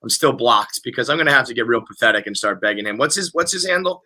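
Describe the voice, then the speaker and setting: A man's voice: mid-range voice, expressive, fast talker, sharp tone. A man hosting a podcast, chatting casually and riffing animatedly, with plenty of swearing. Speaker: podcast host. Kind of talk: casual sports chat.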